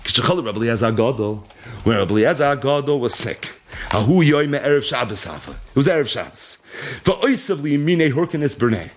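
A man's voice: medium pitch, fairly quick. A man teaching a Torah class as a story, reading Aramaic lines aloud and translating each one, with rhetorical questions to his listeners. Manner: animated, reads Aramaic then translates line by line.

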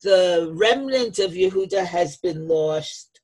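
A woman's voice: medium pitch, sing-song, slow, vocal fry, husky. A woman teaching a text-study lesson, reading each source phrase and then explaining it, retelling scenes with dramatic emphasis. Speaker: Torah teacher.

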